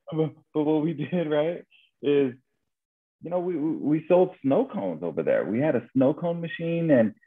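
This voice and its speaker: Slightly rough and on the high side, this podcast co-host's voice has lively intonation and an unhurried pace. The El Paso, Texas man rambles through a story in casual conversation, repeating words and tacking "right?" onto his lines, over phone-like, narrow-band audio.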